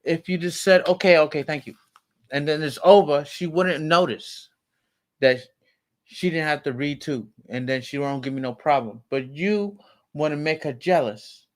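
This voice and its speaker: A man in a heated family argument as a father, talking in a raised, forceful, lecturing way. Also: a little high, moderate pace. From United States.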